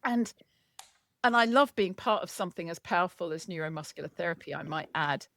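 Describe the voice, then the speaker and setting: A woman author being interviewed, talking in a lively, chatty storytelling way. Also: fairly low pitch, brisk, no room sound. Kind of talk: casual chat.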